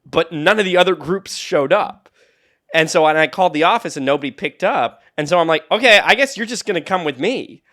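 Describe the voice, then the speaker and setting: Lively rambling young man on a podcast. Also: a little high, fairly quick. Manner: rambling storyteller, many restarts, laughs often. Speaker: podcast co-host and tour guide. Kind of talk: casual podcast chat.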